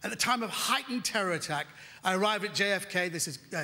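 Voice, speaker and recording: A man in his fifties from Britain doing animated stand-up comedy in a large theatre, breaking into shouts and sung lines. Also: sits high, fast. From United Kingdom. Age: 50s. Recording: theatre hall, audience noise. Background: crowd laughter.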